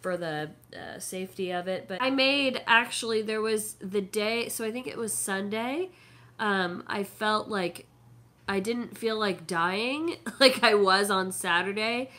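A woman's voice: medium pitch, measured pace, bright, forceful tone. A young woman vlogger, sick and throaty, chatting casually and rambling with lots of fillers. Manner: rambling, full of fillers and hesitations. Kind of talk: casual chat.

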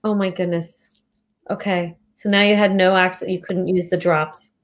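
A woman's voice: fairly low pitch, little pitch movement, moderate pace. Sympathetic woman interview host. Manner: empathetic, lots of exclamations. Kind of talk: casual interview.

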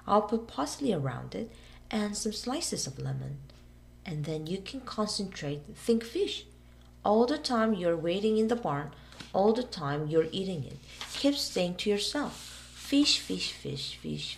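A woman's voice: medium pitch, big pitch swings, unhurried, creaky, a little hiss or hum. A woman voicing an eager, confident boy who talks in a persuasive, upbeat way in a storybook reading.

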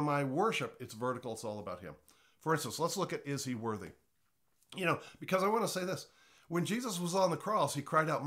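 A man's voice: fairly high pitch, a bit bright. A pastor giving an informal, earnest teaching with a slightly congested voice, often restarting his words.

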